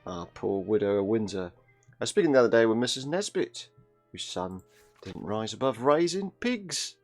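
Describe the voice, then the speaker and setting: A man putting on the voice of a fond, chatty elderly grandmother, pitched high in a fussy old-lady manner. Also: expressive, normal speed, a little mellow, soft background music. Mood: gossipy.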